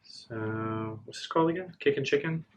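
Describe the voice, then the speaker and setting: A man chatting casually through a meal at home, relaxed and hesitant, with lots of ums and uhs. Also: medium pitch, normal speed, slight background noise. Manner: relaxed, hesitant, many fillers. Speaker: co-host, guest on the vlog. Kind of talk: casual mukbang chat. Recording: dull lo-fi sound.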